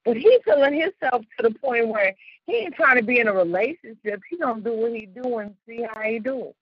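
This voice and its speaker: A woman from the suburbs of Chicago hosting a radio show, telling personal stories in a casual, animated way with slang and frequent laughter. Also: on the high side, a little fast, slightly rough, no echo, highs cut off. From Chicago suburbs, United States. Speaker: radio host. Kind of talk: casual storytelling chat.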